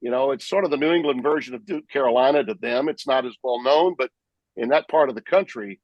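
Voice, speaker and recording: A man, a sports broadcaster, telling lively stories about calling games in a podcast interview. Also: medium pitch, quick pace, dry recording, muffled recording. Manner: animated, vivid storyteller who acts out his own play calls. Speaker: sportscaster guest.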